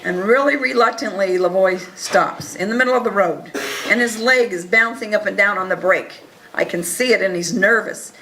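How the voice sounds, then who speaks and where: A woman telling an audience a first-person story in an earnest, animated way, acting out the dialogue. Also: mid-range voice, moderate pace, slight background noise, rough recording. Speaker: speaker recounting events to an audience.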